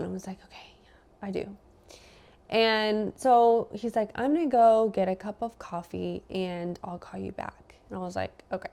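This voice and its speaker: A woman's voice: on the high side, normal speed, a bit bright. A young adult woman, a podcast guest, telling a personal story in casual chat and acting out both sides of the conversation.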